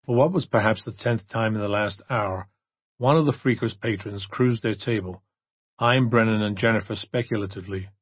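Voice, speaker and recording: Male audiobook reader, husky, steady, dull dry close recording. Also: on the low side, normal speed, no room sound. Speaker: audiobook narrator. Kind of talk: scripted narration.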